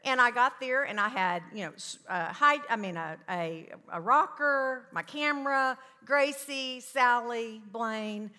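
A woman's voice: fairly high pitch, measured pace, few pauses, pushed and bright. A woman in her fifties giving a Christian parenting talk to parents, chatty and storytelling with self-mocking asides. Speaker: parenting class teacher speaking to parents. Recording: echoey hall with long reverb.

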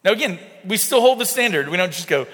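A man's voice: sits high, animated, fast, fairly bright tone. A man preaching a conversational sermon, talking to the congregation as "guys". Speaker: pastor. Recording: long hall reverb.

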